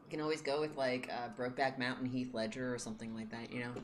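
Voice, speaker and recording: A woman with a very low voice chiming into a group chat, laid-back and curious. A faint hiss runs under her lines. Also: quick pace. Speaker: tabletop game player. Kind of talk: casual chat with friends.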